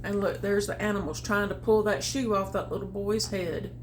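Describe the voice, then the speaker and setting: A woman reading a children's picture book aloud, with chatty, animated asides about the pictures. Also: mid-range voice, moderate pace, slight background noise. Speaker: storytime reader. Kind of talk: children's read-aloud with commentary.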